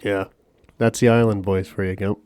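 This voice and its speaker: A man's voice: lowish voice, level tone, moderate pace, a little mellow, smooth, dry recording. A man co-hosting a podcast in casual chat, laid-back and profane, laughing often. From Canada. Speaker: podcast co-host.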